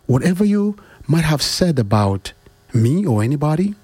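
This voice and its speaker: A man with a husky, slightly breathy voice delivers a heartfelt motivational monologue. He talks in a preachy way, repeating his questions and pushing his pitch up to stress them. The sound is dry and close, with almost no room in it. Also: sing-song, moderate pace, a little mellow, no echo.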